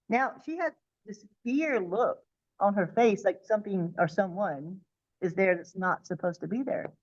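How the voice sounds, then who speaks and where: In an interview, a woman vividly recounts the near-death experience she had as a child, a spiritual event she describes in animated, quick speech that sometimes restarts. Her voice is mid-range and the recording sounds muffled.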